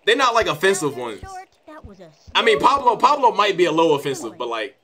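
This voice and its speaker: Excitable swearing young gamer guy. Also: high voice, brisk, a crowd in the background. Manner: excitable, swears a lot, trash-talks his players. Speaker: gaming YouTuber. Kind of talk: casual gameplay commentary.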